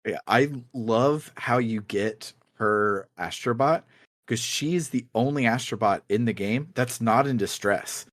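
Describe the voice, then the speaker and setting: A man co-hosting a podcast, chatting casually about video games in a relaxed, rambling way and laughing often. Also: medium pitch, unhurried, no room sound, studio quality. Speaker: podcast co-host.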